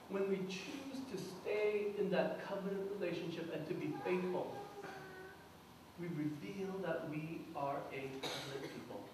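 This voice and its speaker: A high-voiced man preaches an earnest sermon as pastor, acting out prayers and quotes along the way. His voice carries from a distance in a very echoey church hall, with a faint hum of room ambience underneath. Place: church sanctuary.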